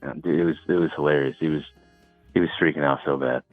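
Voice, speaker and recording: A very low-voiced man calling in over a thin, tinny phone line. He tells his stories in a laid-back, rambling way, full of "like" and "you know." The line sounds dry and close. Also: steady tone, fast, no echo, faint music behind. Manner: laid-back storytelling with fillers. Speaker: caller. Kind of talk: casual phone call.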